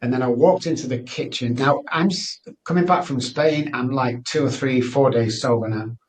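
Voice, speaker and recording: A middle-aged guest from Manchester, England, recounts his life story in an interview at a normal pace and medium pitch. He comes across as earnest and candid, frequently restarting, and is positioned a little distant from the mic. There's slight background noise.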